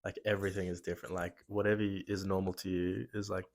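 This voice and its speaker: Young aussie guy chatting easy, low deep voice, dry jokes. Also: level tone, fast talker. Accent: Australian. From Australia. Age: young adult. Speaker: podcast guest. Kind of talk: casual chat.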